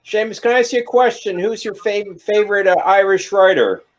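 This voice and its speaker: Male co-host, brisk pace, curious interviewer. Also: high-pitched. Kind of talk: casual interview conversation.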